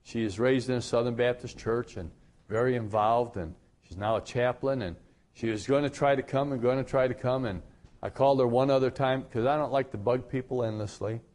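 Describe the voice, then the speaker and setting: A middle-aged male pastor giving a radio sermon, telling a story in a conversational way with lively jumps in pitch. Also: brisk.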